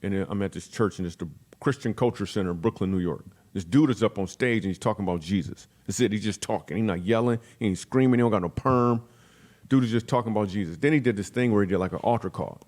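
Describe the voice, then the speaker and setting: Brief: male comedian guest on a podcast, rapid-fire storyteller with a lowish voice, jumps into quick character voices. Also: darkish tone. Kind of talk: comic storytelling in a podcast interview.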